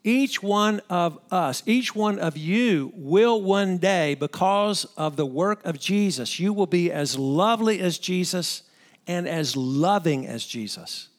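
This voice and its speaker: A man preaching a sermon to fellow pastors, emphatic, repeating phrases for stress and asking the listeners direct questions. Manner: swings from soaring high-pitched exclamations to low hushed lines.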